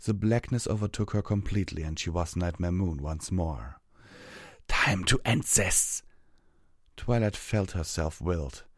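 A man reading a fantasy story aloud as narrator, steady and measured. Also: sits low, no room sound, studio quality.

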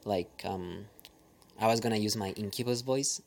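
A man with a Spanish accent whose first language is Spanish, an audio creator talking in a casual, reflective monologue, hesitant and full of pauses, sometimes dropping to a near-whisper. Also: lowish voice, gravelly. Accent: Spanish-speaking.

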